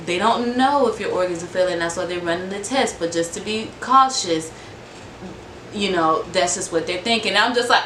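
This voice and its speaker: A woman's voice: medium pitch, a little fast. Young woman vlogger, casual rambling storyteller, acts out quotes, echoey home room. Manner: rambling, animated retelling with many fillers and acted-out quotes. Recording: echoey room with faint background noise.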